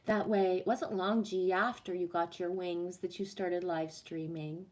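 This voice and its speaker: A woman's voice: on the low side, fairly even intonation, measured pace, darkish tone. A woman chatting casually on a live stream, reading the chat, swearing freely and laughing at herself.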